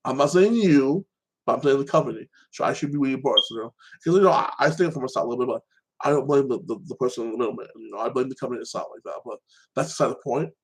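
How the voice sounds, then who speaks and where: A man's voice: mid-range voice, fast talker, slightly rough, poor audio. A man hosting a casual solo chat, rambling through TV episode recaps and filling his talk with "like that" and "you know". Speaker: show host.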